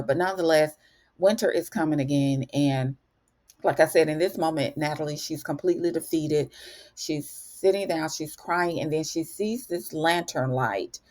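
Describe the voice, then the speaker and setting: Chatty woman with a low voice. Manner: chatty and animated, addresses viewers as "honey". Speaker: TV recap host. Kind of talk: casual spoken episode recap.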